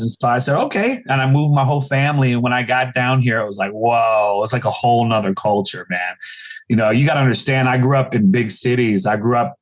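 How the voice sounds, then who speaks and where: A man from Chicago in his forties tells funny stories as a podcast guest. His voice sits at an everyday middle pitch, and he acts out the people he quotes with sudden high leaps. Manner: animated storyteller acting out quoted voices with pitch jumps. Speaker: guest comedian. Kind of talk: casual interview storytelling.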